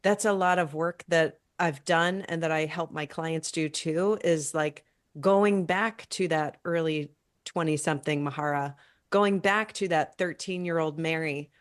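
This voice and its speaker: A woman's voice: deep voice, unhurried. A woman hosting a podcast who talks as a coach, reflective and encouraging. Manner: earnest, encouraging.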